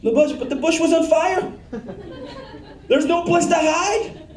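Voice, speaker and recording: A man's voice: extremely high pitch, unhurried, echoey room, distant mic, low-quality recording. A man preaching a sermon as pastor, blunt and emphatic, prompting the congregation to fill in answers. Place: church.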